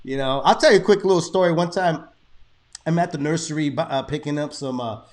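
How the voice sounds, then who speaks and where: A man in his thirties with a fairly high voice. He hosts a boxing show in a laid-back, chatty way, swearing freely as he tells stories. He slips into Spanish now and then. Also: fairly quick. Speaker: boxing podcast host. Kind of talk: casual chat.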